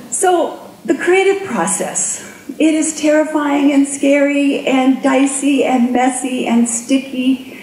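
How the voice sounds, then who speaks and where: Higher-voiced woman telling a keynote story. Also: background noise. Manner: animated storyteller who acts out inner voices. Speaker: keynote speaker. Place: conference room with an audience. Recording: echoey room with faint ambience.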